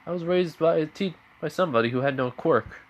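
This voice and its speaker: A man's voice: on the high side, fairly quick, pitched above the performer's own voice, natural voice. A man voicing a laid-back teenage boy hero. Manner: offhand, conversational. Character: easygoing teenage boy hero, casual and teasing.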